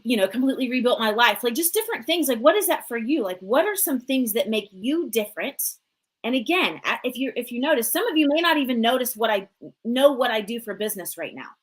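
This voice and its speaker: A woman in her forties hosting a live motivational talk show, energetic and chatty, full of "like" and "you know". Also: on the high side, poor audio. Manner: energetic, chatty, many fillers. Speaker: host and coach.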